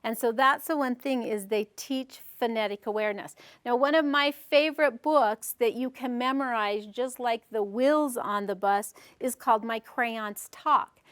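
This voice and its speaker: A woman's voice: a little high, a little slow, few pauses, fairly bright tone, clear, resonant tone. A woman leading a parenting workshop on nursery rhymes, talking to a small group and reading in a sing-song, playful way. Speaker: workshop presenter.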